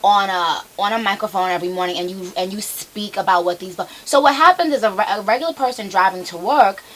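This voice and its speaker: Bright-voiced woman, playful radio guest. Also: medium pitch, quick pace, a little hiss or hum, poor audio. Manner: playful, animated storytelling. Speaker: guest artist. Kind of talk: casual radio interview. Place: radio studio.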